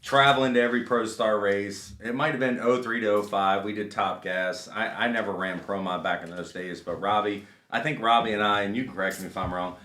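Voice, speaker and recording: A man's voice: on the low side, steady tone, a little fast, few pauses, sharp tone, reverberant. A man hosting a casual interview, often chiming in with short agreements. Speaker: host.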